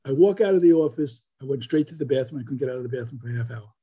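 An older man telling a story as a podcast guest, animated and full of fillers and restarts. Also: mid-range voice, very fast, breathy edge.

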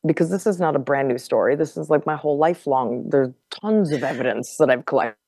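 A woman guest on a podcast telling a personal story in casual conversation. She is animated, laughs often and repeats words as she goes. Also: low voice, brisk, breathy edge, no echo, clean studio sound.

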